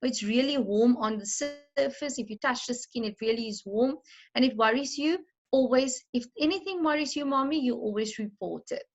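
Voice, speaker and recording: A middle-aged woman from South Africa, a maternity nurse gently and reassuringly teaching parents how to care for a newborn. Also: fairly high pitch, moderate pace, muffled recording. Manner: gentle, reassuring, addresses listener as mommy. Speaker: antenatal class nurse. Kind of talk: instructional talk to parents.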